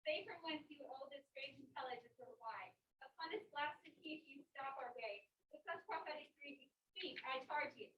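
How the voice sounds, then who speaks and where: A woman loudly reading the part of an eager, demanding warrior aloud in class. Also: sits high, moderate pace, few pauses, a little hiss or hum. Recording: far, dull mic in echoey classroom.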